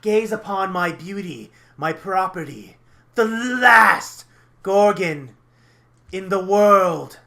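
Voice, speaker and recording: A man voicing a cold, arrogant male villain in a tabletop game, speaking slowly and low. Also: animated, vocal fry, bright, forceful tone, full character voice. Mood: grandiose.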